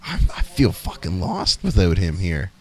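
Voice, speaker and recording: A man co-hosting a podcast, excitable and swearing freely as he tells stories in casual banter. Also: low-pitched, moderate pace, husky. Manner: excitable, swearing, animated storytelling. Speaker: podcast co-host.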